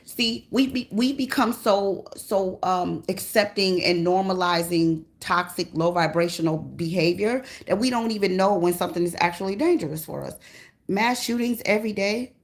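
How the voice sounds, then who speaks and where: A woman giving a casual tarot reading, blunt and profane, with an animated delivery. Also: mid-range voice. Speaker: tarot reader. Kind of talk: casual spiritual reading monologue.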